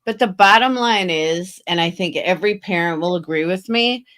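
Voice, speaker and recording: A woman's voice: lowish voice, moderate pace, a bit bright. A woman in her fifties hosting a casual chat, speaking bluntly and earnestly. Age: 50s.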